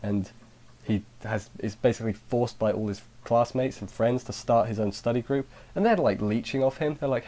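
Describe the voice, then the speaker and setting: A man's voice: lowish voice, brisk, creaky, dark tone. A man giving a casual anime review, rambling with frequent restarts and dry sarcasm. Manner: rambling, sarcastic, self-interrupting.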